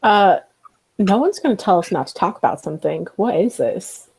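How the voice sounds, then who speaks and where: A woman's voice: medium pitch, animated, moderate pace, creaky, darkish tone, husky. A woman in her thirties playing a tabletop role-playing game, bold and bantering. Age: 30s. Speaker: player. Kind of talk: casual tabletop game chat.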